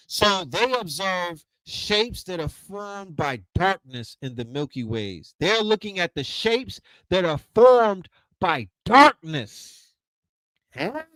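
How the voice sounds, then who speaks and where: A man hosting an online lecture, telling stories in an animated, slangy, profane way, acting out quotes and restarting his sentences. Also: sits high, no room sound, low-quality recording. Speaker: lecture host. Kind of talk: casual storytelling lecture.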